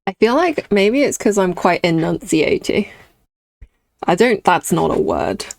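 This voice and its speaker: A woman's voice: lowish voice, lively intonation, a little slow, vocal fry, darkish tone. A young British woman chatting casually with her viewers while drawing on stream, reading chat and laughing often. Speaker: artist streamer.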